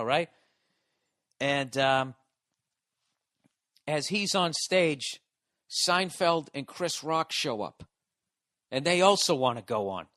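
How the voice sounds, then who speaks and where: A man in his forties, a podcast host and stand-up comedian, telling a long story in a profane, excitable, rambling way with lots of restarts. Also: mid-range voice, takes it slowly, pauses often, dry recording, studio quality. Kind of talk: casual storytelling monologue.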